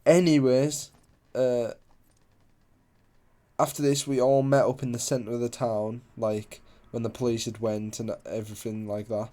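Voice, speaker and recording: A man's voice: mid-range voice, flat delivery, measured pace, warm tone. A young man casually telling a story, rambling, swearing a lot and losing his place.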